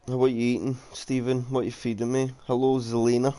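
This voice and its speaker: A man's voice: medium pitch, little pitch movement, quick pace, mellow. Chatty man commentating a racing league. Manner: chatty, jokey, reading out chat comments. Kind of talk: casual live race commentary.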